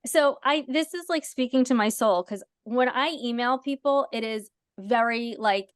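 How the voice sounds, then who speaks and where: A woman's voice: a little high, normal speed, clear, resonant tone, no echo, clean studio sound. A woman hosting a podcast, telling stories animatedly with many "like" fillers. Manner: animated storyteller, lots of "like" fillers. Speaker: podcast host. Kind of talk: casual chat.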